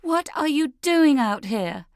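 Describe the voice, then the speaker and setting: A woman reading an audiobook, voicing a furious young woman who yells in indignant outrage. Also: sits high, big pitch swings, normal speed, no room sound, clean studio sound, pitched above the performer's own voice. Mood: furious yelling. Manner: yelling, indignant.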